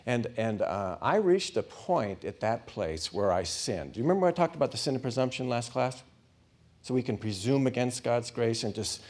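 A man's voice: medium pitch, lively intonation, moderate pace, a little mellow. A middle-aged man, a former hospital chaplain, telling a story to a class, dropping to whispers and acting out voices. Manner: dramatic, drops to whispers and acts out voices.

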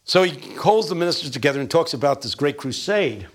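Man, lecturer, husky gravelly voice, lively swinging pitch, classroom talk. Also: a little fast. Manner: animated, storytelling with acted-out quotes.

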